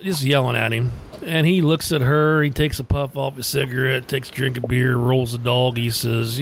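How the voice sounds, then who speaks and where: A man's voice: medium pitch, fairly even intonation, moderate pace, a little hiss or hum. A man co-hosting a casual podcast, telling crude jokes with a laugh in his voice. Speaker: podcast co-host. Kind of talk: casual chat, joke telling.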